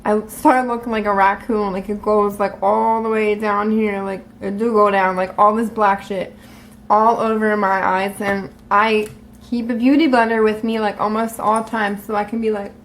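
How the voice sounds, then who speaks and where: A young woman vlogger telling a story in casual, profane talk, animated and full of "like". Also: mid-range voice, normal speed, slight background noise.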